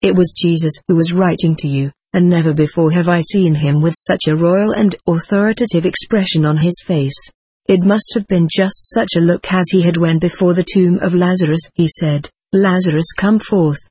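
A loving, tender female spirit, read aloud by a narrator in a slow, measured delivery. The voice carries a faint huskiness. The recording is close and dry. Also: medium pitch, fairly even intonation, darkish tone, husky, dry recording, natural voice. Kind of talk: reading channeled spirit letters aloud.

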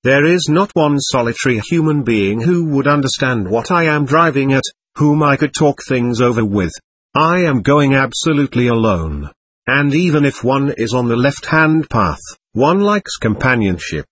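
A man's voice: medium pitch, animated, normal speed, a bit bright, husky. A man reading the part of a domineering, aloof man chasing occult power, in an intense, persuasive way. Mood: brooding. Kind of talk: audiobook reading.

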